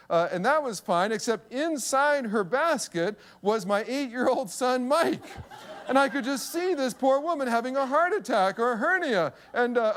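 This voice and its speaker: High-voiced pastor telling a story. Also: male voice. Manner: humorous, self-deprecating storytelling. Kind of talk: sermon storytelling.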